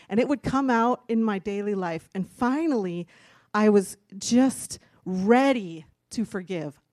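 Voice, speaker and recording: A woman's voice: medium pitch, darkish tone, no room sound, clean studio sound. A woman giving a candid, chatty personal testimony from a church stage, laughing now and then as she talks. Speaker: speaker giving a church talk.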